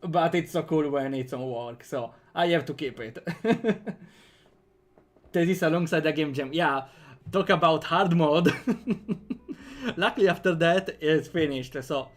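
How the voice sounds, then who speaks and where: A man's voice: on the high side, measured pace, pauses often. A young man with an Italian accent chatting playfully on a livestream while programming, laughing often and joking with chat. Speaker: game developer streamer.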